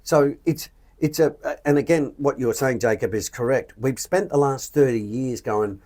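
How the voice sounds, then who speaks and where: A middle-aged Australian man chatting on a podcast in a blunt, animated way, with a voice of ordinary middle pitch. He swears offhandedly and leans hard into his points. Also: moderate pace. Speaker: podcast host. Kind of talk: casual podcast chat.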